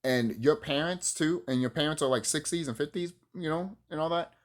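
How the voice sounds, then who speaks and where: An American vlogger rants unscripted to the camera, heated, profane, preachy and meandering. His voice runs on the high side and a touch fast.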